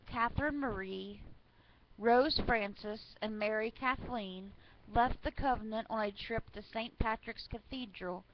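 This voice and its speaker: A woman casually reading funny church stories aloud to her listeners, chatty, with fillers and asides. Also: on the high side. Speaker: online reader of church stories. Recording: slightly muffled with faint noise.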